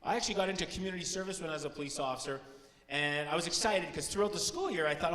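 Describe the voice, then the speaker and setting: A middle-aged Canadian man telling stand-up stories with lots of energy, his voice bright and on the higher side for a man. He jumps into sudden high, shouted bits. He is miked on a stage in a big hall, so the sound is roomy with a long reverb and a faint hum of ambience. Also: rapid-fire. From Timmins, Ontario, Canada. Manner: animated, swings into high shouted character bits. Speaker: stand-up comedian. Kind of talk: stand-up storytelling.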